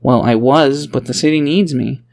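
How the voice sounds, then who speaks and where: A tired, earnest young father, defensive one moment and softly coaxing the next, as a man reads him close to his own voice. His voice sits at an ordinary middle pitch. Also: moderate pace, natural voice. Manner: defensive, then gentle and coaxing. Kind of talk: audiobook character voice.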